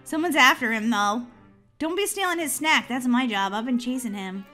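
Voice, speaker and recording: A woman hosting a gaming channel, chatting excitedly through a video game and squealing when she is chased. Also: fairly high pitch, moderate pace, faint music behind. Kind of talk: playing a video game with commentary.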